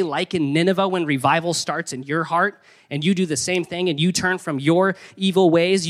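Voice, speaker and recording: A young man preaching a sermon in an energetic, conversational way with playful emphasis. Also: a little high. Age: young adult. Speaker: pastor.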